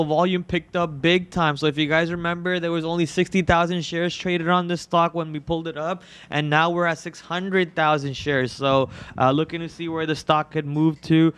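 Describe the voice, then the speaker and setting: A young India-born man hosts a live trading stream, rapidly calling out tickers and prices with casual filler words. His voice sits on the high side and sounds fairly bright and clean, with no room sound.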